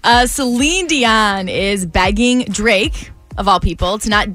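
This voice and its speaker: A woman's voice: mid-range voice, takes it slowly, fairly bright tone. A woman co-hosting a morning show, chatting and running through celebrity gossip in a giggly, conversational way. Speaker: co-host presenting entertainment news. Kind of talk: casual chat and gossip report.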